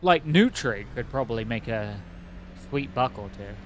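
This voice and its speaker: A man's voice: medium pitch, animated, normal speed, slight background noise. A man streaming a game, chatting in a rambling, joking, self-mocking way. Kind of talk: casual gameplay commentary.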